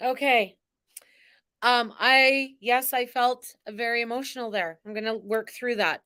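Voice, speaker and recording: Slow, bright-voiced woman card reader. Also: fairly high pitch, smooth. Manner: exuberant, theatrical, chanting and cheering. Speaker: spiritual card-reading host. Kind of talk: live spiritual card reading.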